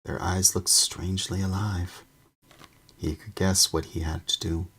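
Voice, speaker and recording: Deep guy reading a storybook aloud, slow and breathy. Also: little pitch movement, a bit bright. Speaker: streamer reading a book aloud. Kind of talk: storybook narration.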